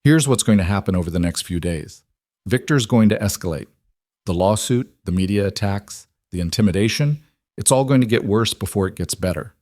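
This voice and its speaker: A man doing a blunt, seasoned woman lawyer in a storybook reading, brisk and firm as she spells out threats. Her voice sits low and dry, close to the mic. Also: expressive, a little mellow, no echo, close to an everyday voice.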